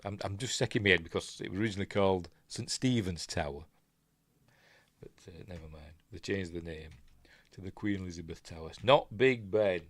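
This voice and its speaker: A man's voice: low voice, brisk, no room sound. A man with a Yorkshire accent rambling casually through a film breakdown, often trailing off and mumbling asides. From England. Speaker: film reviewer.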